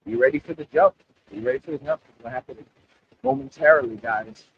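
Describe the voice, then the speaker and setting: A man's voice: medium pitch, quick pace, creaky, dull audio, slight background noise. A man hosting a livestream, talking casually and repeating himself as he speaks straight to his chat. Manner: animated, repetitive, addresses chat directly. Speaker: livestream host.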